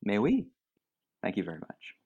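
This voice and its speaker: A man's voice: fairly low pitch, huge pitch swings, moderate pace, a little mellow, husky, muffled recording. A man talking as a film critic guest on a podcast, thoughtful and rambling, with restarts and asides.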